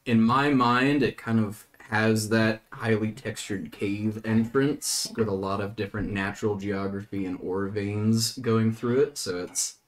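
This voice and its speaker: A man's voice: fairly low pitch, steady tone, unhurried, hardly any pauses. A man playing a tabletop game, talking casually in a hesitant, rambling way with many restarts. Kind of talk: casual in-character play chat.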